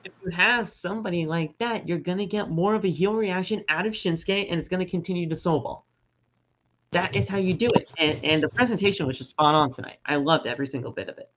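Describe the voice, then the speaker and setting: A man's voice: sits high, slight background noise. A man co-hosting a casual wrestling podcast, often stumbling and repeating words as he talks. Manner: halting, repeats words, animated. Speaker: podcast co-host. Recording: slightly dull lo-fi audio.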